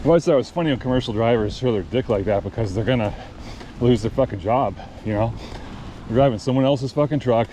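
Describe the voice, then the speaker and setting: A man's voice: mid-range voice, fast talker. Profane, rambling man outdoors by traffic. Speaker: cycling vlogger. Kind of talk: casual storytelling. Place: outdoors by a road. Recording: clear outdoor traffic noise.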